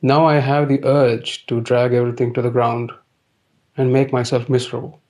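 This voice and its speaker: A man talks in a dry, deadpan way. His comic monologue is sardonic and matter-of-fact. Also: medium pitch, normal speed. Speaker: comedy series narrator.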